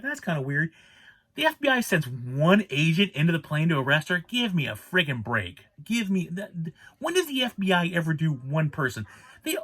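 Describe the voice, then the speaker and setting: Fast-talking exasperated man ranting about a movie. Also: high-pitched, sharp tone. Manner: rambling, exasperated ranting with many restarts. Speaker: movie reviewer. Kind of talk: casual spoken movie review.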